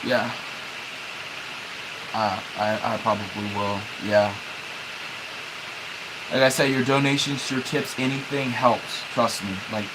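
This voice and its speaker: A young man livestreaming, speaking haltingly as he holds back tears, with many restarts and repeated words. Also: on the low side, steady tone, background noise. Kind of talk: emotional livestream talk.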